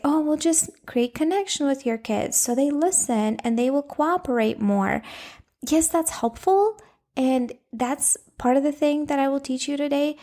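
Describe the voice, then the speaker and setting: Gravelly-voiced woman hosting a podcast. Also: fairly high pitch, warm tone. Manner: casual, direct, keeps asking "okay?". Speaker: podcast host and anger coach for moms. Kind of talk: solo podcast talk.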